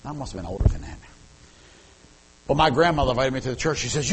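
A middle-aged man preaches with animated energy and a medium-pitched voice. He stumbles over repeated words as he builds up, then eases into folksy humor. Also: fast, background noise. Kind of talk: sermon with personal storytelling.

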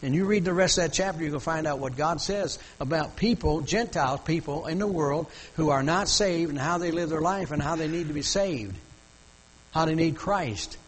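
Older male preacher, slightly high voice, folksy storytelling sermon, faint hum behind. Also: normal speed, low-quality recording. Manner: folksy storytelling with many restarts, rising to emotional emphasis. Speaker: pastor.

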